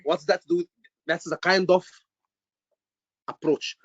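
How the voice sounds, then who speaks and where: A man tutoring students for an exam, acting out doctor and patient lines in an animated way and repeating his questions. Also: high-pitched, slow pace, no room sound. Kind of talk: online teaching discussion. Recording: dull lo-fi recording.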